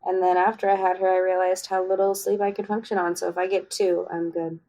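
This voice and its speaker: A woman's voice: on the low side, level tone, a little fast, mellow, poor audio. A young woman co-hosting a podcast in casual chat, wry and teasing. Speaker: podcast co-host.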